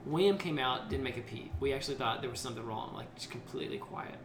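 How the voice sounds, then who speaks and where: A man's voice: mid-range voice, quick pace. A man hosting a podcast, chatting casually and a bit rambling. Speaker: podcast host. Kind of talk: casual interview chat. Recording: roomy with audible noise.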